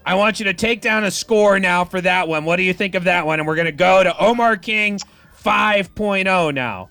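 A man hosting a morning radio call-in, brisk and playful, tripping over his own words as he restarts them. His voice is high and bright. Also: clean tone, no room sound. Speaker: radio host.

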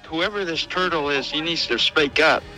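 Folksy hesitant radio guest guy, bright voice, faint music. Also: a little high, moderate pace, rough recording. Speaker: studio guest, author. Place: radio studio.

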